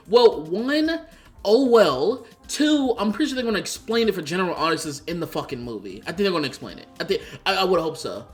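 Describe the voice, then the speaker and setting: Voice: medium pitch, animated, quick pace. A vlogger giving ranting commentary, exasperated and profane, firing off rhetorical questions. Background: faint background music.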